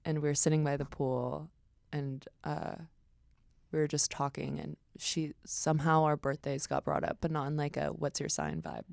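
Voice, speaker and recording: A woman's voice: sits low, level tone, moderate pace, vocal fry, a little mellow, no echo, studio quality. A young woman, a podcast guest, telling stories in casual chat, swearing freely and acting out what people said. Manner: storytelling, swears freely, acts out quotes.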